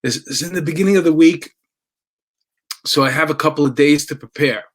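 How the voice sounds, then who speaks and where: A man's voice: fairly high pitch, fairly quick. New guy telling stories, middle aged, chatty with restarts. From New York. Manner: conversational with laughs and restarts. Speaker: storyteller. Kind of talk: personal storytelling.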